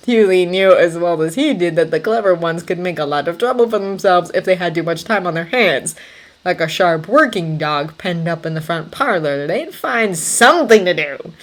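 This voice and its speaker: A woman reading fanfiction aloud as audiobook narration, even and unhurried. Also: fairly low pitch. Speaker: fanfiction reader.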